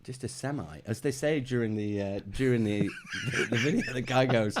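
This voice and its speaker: A man's voice: mid-range voice, big pitch swings, normal speed, few pauses, very noisy. A middle-aged man co-hosting a casual live chat show, joking and laughing often. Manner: jokey, teasing, laughs often. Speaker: co-host.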